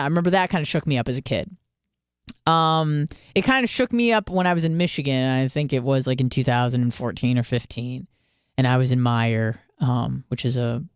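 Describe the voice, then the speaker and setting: Young woman radio host, casual monologue, frank and foul-mouthed, smooth clear voice, dry close sound. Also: sits low, no room sound. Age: 20s. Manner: candid, profane, self-deprecating storytelling.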